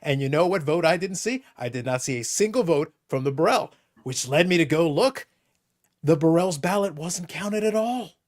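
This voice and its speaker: A man's voice: a little high, lively intonation, normal speed. A man hosting a casual live-stream chat, talking with emphatic, mock-outraged insistence. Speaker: podcast host.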